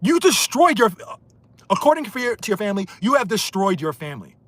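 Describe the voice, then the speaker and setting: A man's voice: high-pitched, sing-song, a little fast, no echo. Angry man ranting on a livestream. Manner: angry, insulting, swings between loud and muttered. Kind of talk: heated livestream rant.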